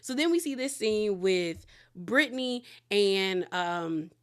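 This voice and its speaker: Woman host, casual reality show recap, chatty, drops into quick impressions of the cast. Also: medium pitch, lively intonation, smooth. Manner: chatty, heavy use of "like"; slips into quoted voices while retelling.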